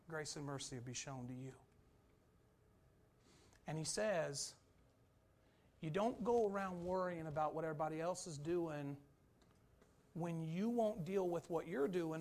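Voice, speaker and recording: A man preaching a sermon, swinging between loud, urgent emphasis and quiet, low asides. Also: gravelly.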